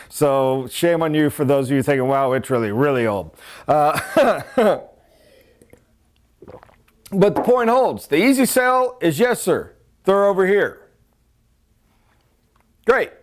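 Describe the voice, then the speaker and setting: Brief: male sales trainer, slightly high voice, blunt and emphatic, hammers his points home. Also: darkish tone. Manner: blunt, emphatic, repetitive drilling.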